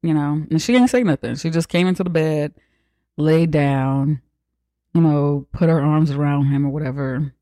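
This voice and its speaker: A podcast host recapping a film in a loose, profane, storytelling way, dropping into quick voices for the characters. The voice is mellow and warm, and it sits close and dry with no room sound around it. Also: medium pitch, no room sound. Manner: acts out characters' lines mid-story.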